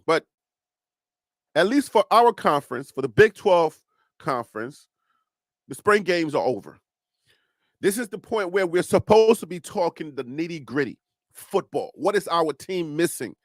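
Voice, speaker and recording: A man with a Liberian accent hosting a casual sports talk livestream, animated, laughing often and speaking straight to his viewers. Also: fairly high pitch, normal speed, dry recording. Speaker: host.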